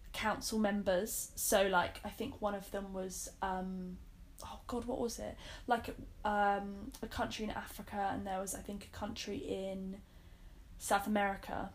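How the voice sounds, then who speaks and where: A young Englishwoman co-hosting a podcast, chatting and explaining things at length with lots of "like" and "um". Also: mid-range voice. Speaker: podcast co-host. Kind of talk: casual chat.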